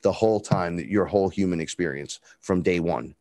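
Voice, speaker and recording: Guest: a man, lowish voice, dry close sound, swearing storyteller who acts out quotes. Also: fairly quick, darkish tone, no echo. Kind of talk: casual storytelling.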